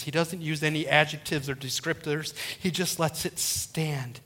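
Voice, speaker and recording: A man's voice: fairly high pitch, fairly even intonation, a little slow, sharp tone. A middle-aged male pastor preaching a sermon, retelling a story and acting out the quoted voices.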